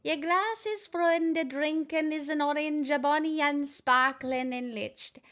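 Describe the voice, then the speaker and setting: A woman's voice: high-pitched, a bit bright, voice pushed up. A woman putting on a dreamy Scottish meditation guide. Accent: put-on Scottish. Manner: slow, dreamy guided-imagery delivery. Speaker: streamer.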